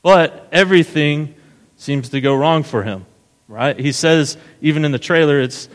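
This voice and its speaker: A man's voice: fairly high pitch, measured pace. A man giving a sermon as pastor, retelling a story casually and often asking "right?". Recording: long hall reverb.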